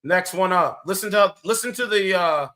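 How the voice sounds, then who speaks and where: A man's voice: high-pitched, normal speed, bright, forceful tone. A man giving casual, blunt reaction commentary, rambling and swearing as he goes. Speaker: streamer commentator.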